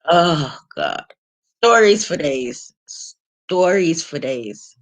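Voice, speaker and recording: A woman vlogging casual family stories, laughing often and tripping over restarts. Her pitch swings widely and keeps the talk lively. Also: very slow. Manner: animated, laughing, frank and rambling with restarts. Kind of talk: casual storytelling.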